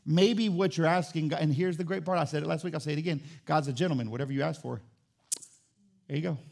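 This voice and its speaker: A pastor preaching with a raised, gravelly voice, sitting high for a man. He moves from quiet reflection to soaring emphasis and voices imagined conversations along the way. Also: fast talker. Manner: preaching with rising intensity, acting out dialogue with God. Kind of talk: sermon.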